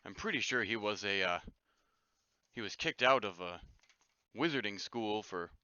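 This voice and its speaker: A jittery young wizard's apprentice, put on by a man, stumbling over his words with a low, bright, forceful voice. The sound is dull and lo-fi, close and dry. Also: expressive, moderate pace, smooth, no echo. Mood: nervous. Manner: hesitant, stammering. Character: nervous young male wizard's apprentice, fidgety.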